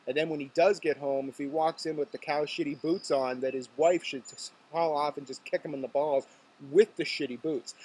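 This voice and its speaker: A man's voice: on the high side, a little mellow, husky. A man from Nova Scotia, hosting his vlog in a chatty, joking storytelling way. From Nova Scotia, Canada. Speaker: vlog host. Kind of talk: casual talk to camera.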